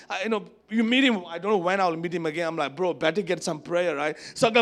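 A man from Asia preaching a sermon to a congregation, telling a personal story in an animated, conversational way. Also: sits high, fast, hardly any pauses. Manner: animated, conversational, acts out quoted voices. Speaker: pastor. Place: church service before a congregation.

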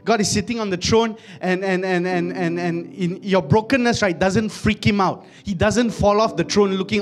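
Dude preaching, jokey and loose, kinda high voice, stumbles and repeats words. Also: male voice, moderate pace, soft background music. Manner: humorous, conversational, repeats words. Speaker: pastor. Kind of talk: sermon.

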